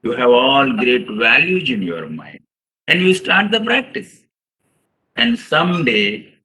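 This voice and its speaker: A man's voice: mid-range voice, pushed and bright, low-quality recording. A man giving an earnest seminar lecture to fellow chartered accountants, telling stories and calling his listeners "sir". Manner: earnest, addresses audience as "sir", acts out quotes.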